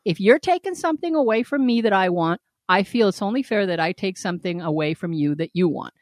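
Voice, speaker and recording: A woman co-hosting a podcast, telling a story in a lively, profane way and acting out the quoted lines. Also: medium pitch, fairly quick, no echo, studio quality. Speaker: podcast co-host. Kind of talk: casual podcast chat.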